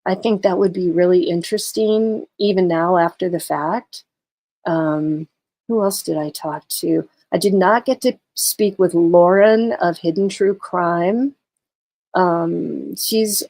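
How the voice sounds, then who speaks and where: A woman's voice: fairly low pitch, takes it slowly, vocal fry, a little mellow, no echo. A tired woman livestreaming in casual chat, talking through a case and greeting her viewers. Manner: chatty, greets viewers, many fillers. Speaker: true crime livestreamer.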